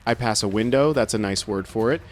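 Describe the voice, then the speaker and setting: Wry low-voiced male narrator. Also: a little fast, darkish tone, a little hiss or hum. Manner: wry, sardonic humor. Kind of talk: scripted first-person narration.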